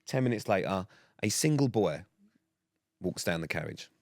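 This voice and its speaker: A man's voice: low-pitched, animated, moderate pace, no room sound. A man, co-hosting a podcast and telling stories in a dry, sweary way. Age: 30s. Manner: sweary, dry anecdotal delivery. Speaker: podcast co-host. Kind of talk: casual storytelling chat.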